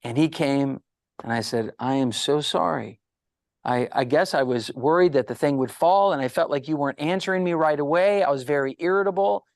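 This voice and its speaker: A middle-aged man with a gravelly, fry-edged voice tells animated stories as an interview guest. He jumps into the voices of the people he quotes. The sound is close and dry, with no room echo. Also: a little high, brisk. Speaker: guest psychologist. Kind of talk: storytelling interview answers.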